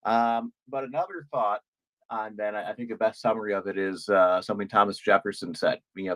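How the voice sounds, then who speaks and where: A man in a live audio chat, talking casually and filling pauses with "you know". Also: fairly low pitch, fairly even intonation, a bit bright, no echo, low-quality recording. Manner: leans on "you know" as filler. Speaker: participant in a live audio discussion.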